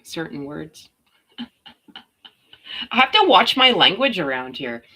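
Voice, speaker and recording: A Canadian woman hosting a casual live chat from home, chatty and quick to laugh as she talks to her viewers and her dogs. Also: deep voice, big pitch swings, pushed and bright. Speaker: livestream host.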